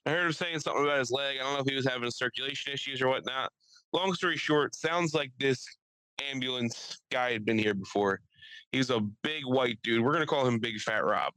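Bright-voiced young man telling stories. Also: mid-range voice, brisk, no echo, poor audio. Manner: animated, acts out quotes in shifting voices. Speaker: podcast co-host. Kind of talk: casual storytelling chat. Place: studio.

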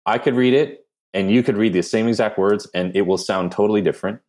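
A man with a New Jersey accent, a podcast guest giving animated, self-deprecating answers in casual conversation. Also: lowish voice, a little fast. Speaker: podcast guest, brand strategist.

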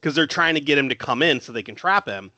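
A man's voice: a little high, animated, quick pace, pushed and bright, no echo, lo-fi sound. A man co-hosting a casual film chat, recapping scenes and laughing often.

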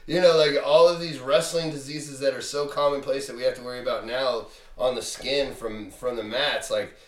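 A man's voice: mid-range voice, fairly even intonation, normal speed, distant mic. Rambling man, off-mic, echoey room. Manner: loose, rambling, crude, says dude and like. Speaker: podcast co-host. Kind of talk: casual podcast chat. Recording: roomy sound, a little off the mic.

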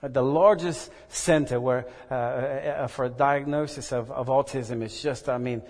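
A man preaching a sermon and telling a personal story, earnest and halting, often repeating words. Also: mid-range voice, fairly even intonation, darkish tone. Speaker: pastor. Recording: echoey hall reverb.

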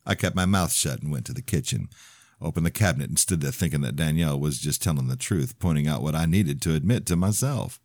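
A man's voice: extremely low pitch, animated, quick pace, darkish tone, no room sound, studio quality. A man narrating his own novel in the first person, in a plain storytelling manner.

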